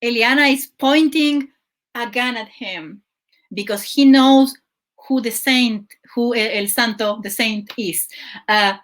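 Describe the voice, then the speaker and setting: A woman's voice: fairly high pitch, slow pace, a bit bright. A woman hosting her show, casually recapping a telenovela in a chatty, exasperated way with lots of fillers. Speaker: show host.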